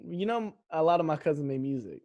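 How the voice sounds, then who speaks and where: Animated woman joking on a podcast. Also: low-pitched, a little fast. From Little Rock, Arkansas. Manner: loose, profane, joking, talks over her co-host. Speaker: podcast co-host. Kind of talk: casual podcast banter.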